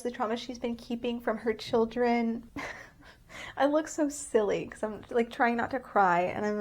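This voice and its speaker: A woman reviewing books on her vlog, earnest and openly emotional, rambling with frequent restarts. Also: fairly high pitch. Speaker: book vlogger. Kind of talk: casual book review vlog.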